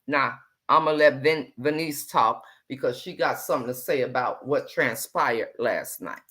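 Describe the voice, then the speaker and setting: A woman's voice: rumbling low, unhurried, a bit bright, slight background noise. A woman hosting a livestream, talking emphatically and calling her viewers y'all. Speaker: livestream host. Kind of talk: casual livestream talk.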